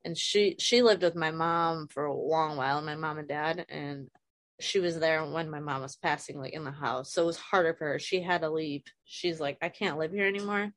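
A woman's voice: low voice, normal speed, fairly bright tone, dry recording. A woman in her thirties, a guest speaking frankly and emotionally about loss, swearing casually, on a video call. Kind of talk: candid personal conversation.

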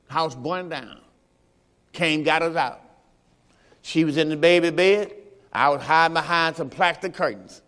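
High, bright preaching man in a hall. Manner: preaching with call-and-response urging, rising to shouts. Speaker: pastor. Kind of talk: sermon. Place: church sanctuary. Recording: hall reverb in a church.

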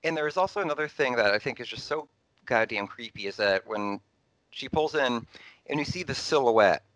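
A man's voice: medium pitch, moderate pace, no room sound, low-quality recording. A man in casual conversation about an old film, rambling with many fillers. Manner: rambling, animated, lots of fillers.

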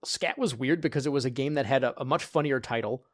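A man's voice: mid-range voice, quick pace. A man co-hosts a laid-back podcast about retro games. He laughs often and stumbles through his sentences, repeating words as he goes. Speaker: podcast co-host.

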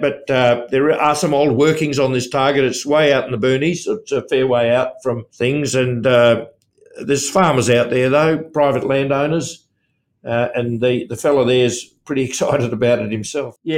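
An older man, chairman of a mining company, talking as an interview guest in a loose, rambling way. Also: medium pitch. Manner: rambling, restarts often.

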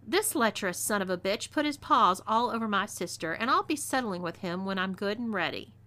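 A woman reading the story gives voice to a cruel female outlaw with a Texan twang. She drawls her threats in a mocking, menacing way. Her tone is bright and forceful, part of a storybook western. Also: mid-range voice, expressive, a little fast.

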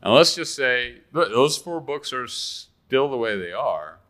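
A man speaking as a guest author in casual conversation, halting and often restarting his words. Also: mid-range voice, very animated, fairly bright tone.

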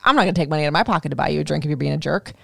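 A middle-aged woman hosting a casual chat, telling a story with swearing and lively acted-out quotes. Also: deep voice, very fast, creaky, no room sound, studio quality. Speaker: podcast host.

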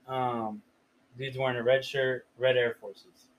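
A man's voice: mid-range voice, flat delivery, unhurried, slight background noise, rough recording. Laid-back young man telling a story. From Riverside area, California. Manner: laid-back, profane storytelling with filler words. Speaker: podcast host. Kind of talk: casual storytelling chat.

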